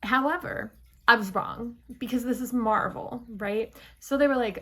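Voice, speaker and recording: A woman's voice: fairly high pitch, unhurried, pushed and bright. A young woman giving a chatty, playful spoiler review of a TV episode, full of dramatic asides. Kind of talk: casual spoiler review monologue.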